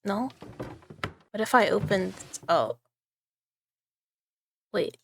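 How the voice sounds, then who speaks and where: A woman's voice: mid-range voice, big pitch swings, extremely slow, vocal fry, a bit bright, slight background noise. A woman streamer chatting her way through a horror game, giggly and full of asides. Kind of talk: live horror game commentary.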